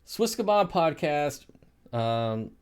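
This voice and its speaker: A man's voice: fairly high pitch, big pitch swings, slow, clear, resonant tone. Casual man hosting a live stream. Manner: chatty, answers viewer comments with frequent laughs. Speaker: aquarium live stream host.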